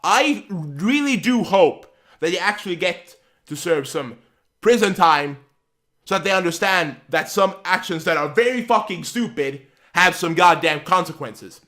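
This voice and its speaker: A man's voice: sits high, animated, measured pace, fairly bright tone. A man on his channel ranting heatedly, swearing and repeating himself as he vents. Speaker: channel host. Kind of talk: angry vlog rant.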